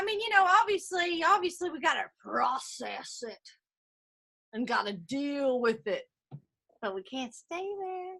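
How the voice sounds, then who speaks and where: A woman's voice: high voice, sing-song, measured pace, vocal fry, sharp tone. A woman chatting with a friend over a video call, cheering her on in a playful sing-song way. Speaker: guest friend. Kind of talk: casual chat.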